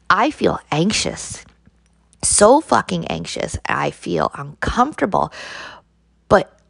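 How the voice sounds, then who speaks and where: A woman with a low, gravelly voice delivers a fiery motivational monologue, swearing freely and stressing her words. She speaks slowly and deliberately, often throwing in a rhetorical "right?" for her listeners. The recording is dry and close. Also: dry recording. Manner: intense, heavily profane, emphatic; rhetorical "right?" asides to the audience. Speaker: vlogger.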